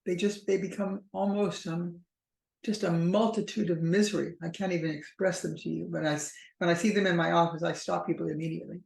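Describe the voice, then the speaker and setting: A woman therapist talking to the camera in a slow, careful way, often pausing and restarting her sentences. Her voice carries the ring of a bare, echoey room. She sounds reflective and explanatory. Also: on the low side, steady tone, gravelly, darkish tone. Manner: measured and thoughtful, slow stretches with frequent restarts and fillers. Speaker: relationship therapist.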